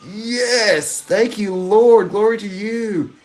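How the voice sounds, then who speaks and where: A man, hosting a live stream and chatting excitedly with viewers. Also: sits high, takes it slowly, faint music behind. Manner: excitable, giddy, chats to viewers. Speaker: livestream host hunting coins. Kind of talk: casual live-stream chat.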